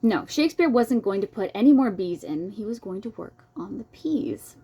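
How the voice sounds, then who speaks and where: A woman's voice: medium pitch, lively intonation, normal speed, warm tone, slightly rough. A young adult woman reading a nonfiction book aloud, breaking off for playful, self-deprecating comments. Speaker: book reader.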